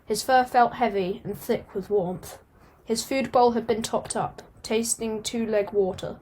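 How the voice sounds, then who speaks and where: A woman reading a storybook aloud at a steady pace, now and then stumbling and starting a phrase again. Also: a little high, measured pace, slight background noise. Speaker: audiobook reader.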